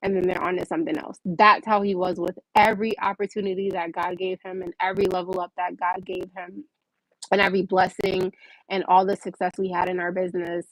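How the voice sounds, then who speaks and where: A woman's voice: fairly low pitch, fairly quick, no echo, poor audio. Candid woman chatting on a livestream. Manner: candid, animated storytelling, reads viewer comments. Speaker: livestream host. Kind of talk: casual livestream chat.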